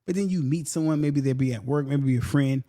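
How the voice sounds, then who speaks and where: A man hosting a podcast in casual, blunt commentary. He repeats his points and briefly mocks other people in quick voices. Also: mid-range voice, warm tone. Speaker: podcast host.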